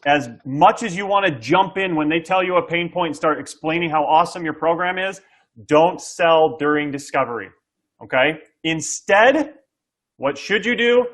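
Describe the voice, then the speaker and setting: Man, middle-aged, sales coach, energetic, fairly high voice, acts out buyer dialogue. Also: moderate pace. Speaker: SaaS sales coach, guest. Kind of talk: explaining sales tactics to an interviewer.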